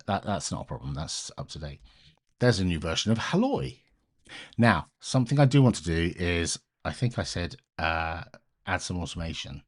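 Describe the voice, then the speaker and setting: A deep-voiced, middle-aged British man live-streaming his coding session. He rambles in a relaxed, chatty way, breaking off mid-thought to answer viewers. The sound is close and plain, like a desk microphone. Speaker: live-streaming open source maintainer. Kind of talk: casual live-stream chat while coding.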